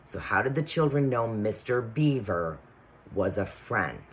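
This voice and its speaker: A woman teacher with an extremely low-pitched voice and lively intonation reads a chapter book aloud to her class and then hands out assignments. She's patient and deliberate, checking in with the children often.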